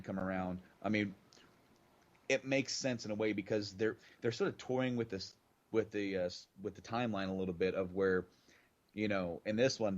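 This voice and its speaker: Low guy rambling thru a podcast chat, kinda muffled lo-fi sound. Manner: rambling, circles back on his points. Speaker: podcast co-host. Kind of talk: casual chat.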